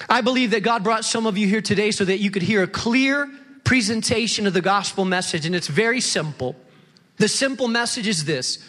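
A male pastor preaching an impassioned sermon, acting out excuses in quick bursts before slowing for emphasis. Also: high-pitched, a bit bright. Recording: large hall reverb.

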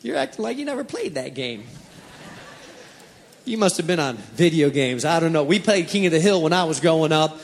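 This preacher's voice is a little high, very animated and brisk, with a long reverb tail and slight hiss or hum. He performs Bible stories dramatically, voicing panicked characters, and asks the congregation direct questions.

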